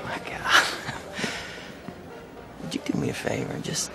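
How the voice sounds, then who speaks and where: An actor playing a smooth, confident man seducing a woman, speaking in a slow, low, half-whispered way, from a film clip. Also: close to an everyday voice. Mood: seductive. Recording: film clip with music underneath. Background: film score music.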